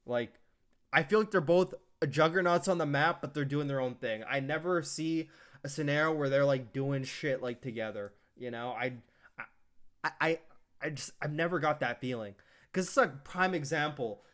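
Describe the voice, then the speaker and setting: A man's voice: fairly high pitch, moderate pace, fairly bright tone. A man giving heated, profane commentary on a match as an esports analyst, talking at home. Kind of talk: ranting commentary.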